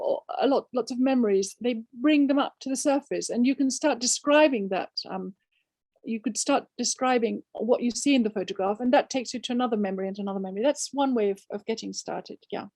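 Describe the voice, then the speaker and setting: An older woman author from Spain speaks with a fairly high voice. She answers questions emphatically, restarting often and firing off rhetorical questions. The recording is dry, with no room sound. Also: fairly quick, darkish tone, dry recording. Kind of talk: conversational Q&A.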